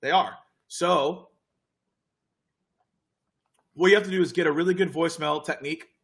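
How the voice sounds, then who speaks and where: A young man, hosting a casual live Q&A and coaching viewers on sales calls in an energetic, direct way. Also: on the high side, normal speed, husky.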